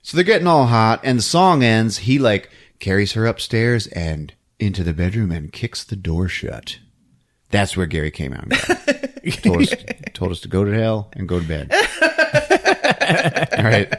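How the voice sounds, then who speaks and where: A male podcast host tells a movie's story for laughs. His pitch swings wildly up and down while he keeps an unhurried pace, laughing and slipping into the characters' lines. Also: very animated, a bit bright. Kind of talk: comedic movie recap. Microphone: podcast microphone.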